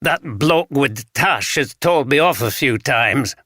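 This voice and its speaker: A suspicious homeless man with a broad Yorkshire accent, as an audiobook narrator puts him on. He talks bluntly, in clipped dialect, pitched higher than the narrator's own voice. The voice sits bright and dry, close to the mic. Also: lively intonation, unhurried, no room sound, heavily acted. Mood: wary. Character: wary scruffy homeless man, gruff and suspicious.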